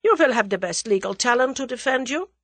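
A woman's voice: fairly high pitch, animated, brisk, fairly bright tone, no echo, voice pushed up. Clipped german plotter voiced by a woman, formal and cold, dry sound. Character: German conspirator man, precise and formal.

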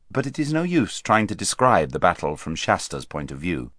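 Man, audiobook narrator, lowish voice, very lively intonation, dry close recording. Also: moderate pace, hardly any pauses, no room sound. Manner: expressive storytelling, varied pace.

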